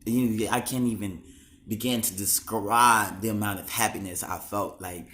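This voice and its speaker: A man's voice: on the low side, fairly even intonation, moderate pace, a bit bright. A young man talking straight to the camera in a raw, emotional monologue, slangy and full of swearing.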